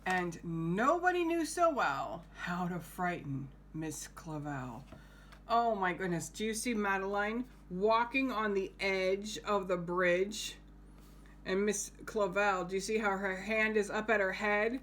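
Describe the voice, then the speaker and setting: A woman reading a picture book aloud to young children, gently stopping to point out the pictures and ask questions. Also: medium pitch, expressive, slow pace, a little hiss or hum. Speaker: home-school teacher.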